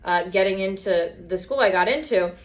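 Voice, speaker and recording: A woman's voice: medium pitch, moderate pace. A young woman telling stories in casual chat, sarcastic and swearing, mocking other people's lines in put-on voices. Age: young adult.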